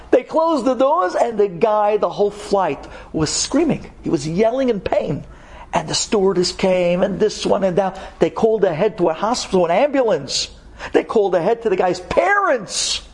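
Male storyteller, high husky voice, animated, hushed to shouted. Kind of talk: dramatic spoken storytelling.

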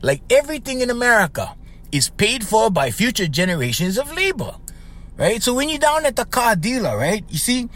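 A man's voice: high-pitched, sing-song, normal speed, a bit bright. A middle-aged man with a Hawaiian Pidgin-tinged accent, rambling casually as a life coach podcast host and tagging lines with "right?". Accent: Hawaiian Pidgin-tinged English. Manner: rambling, conversational, frequent "right?" tags; laughs often while telling stories. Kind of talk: casual monologue.

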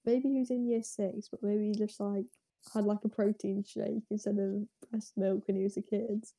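A woman's voice: medium pitch, flat delivery, normal speed, dark tone. A woman telling a story in casual chat, chatty and sarcastic, laughing often.

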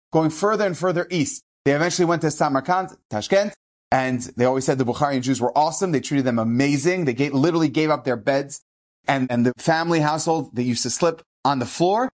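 A man telling a family story in an inspirational talk, animated and emphatic. He leans hard on key phrases and slips into the voices of the people he describes. His voice sits a little high for a man. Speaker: inspirational speaker.

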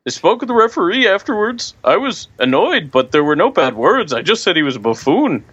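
A man's voice: sits high, very animated, slow pace, a bit bright, slightly rough, dry recording, pitched above the performer's own voice, heavily acted. A man voicing an indignant male Swedish soccer player in a raised, put-on voice over a dull line.

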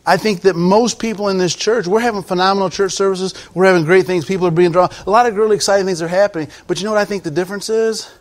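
A man preaching a sermon as pastor, swinging from quiet pleading to loud shouting. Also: sits high, steady tone, quick pace, few pauses.

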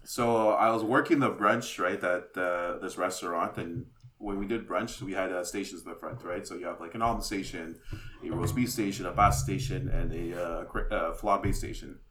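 Podcast guest, male chef from the Montreal area, lowish forceful voice, loose slangy storyteller. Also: steady tone, moderate pace. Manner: rambling, laid-back, slangy with lots of "bro" and "like".

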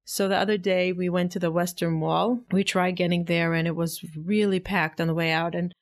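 A woman's voice: lowish voice, steady tone, normal speed. A woman giving an earnest, self-reflective personal monologue. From Israel. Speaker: vlogger.

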